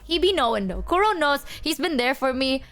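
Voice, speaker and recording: A woman streamer chatting casually with her chat, telling stories in an animated, foul-mouthed way full of fillers. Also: high-pitched, brisk, music in the background. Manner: animated, swears freely, filler-heavy.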